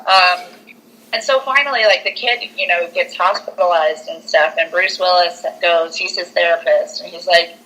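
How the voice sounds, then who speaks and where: A woman's voice: lowish voice, moderate pace, low-quality recording. A young woman on a podcast, casually and animatedly retelling a film plot, full of "like" and acted-out quotes. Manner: animated storyteller, heavy use of "like", acts out quotes. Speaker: podcast co-host.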